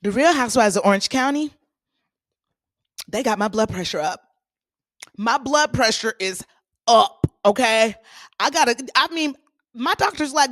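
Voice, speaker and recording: A woman hosting a solo commentary podcast, talking in a sassy, animated way with playful asides to her listeners. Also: on the high side, normal speed, long pauses, dry recording, clean studio sound. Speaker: podcast host.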